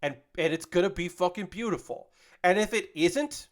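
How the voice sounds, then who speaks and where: Talking at normal speed in a high voice, the same kind of thirtysomething livestream host launches into a profanity-laden, impassioned rant on his casual stream. He keeps repeating himself and starting sentences over.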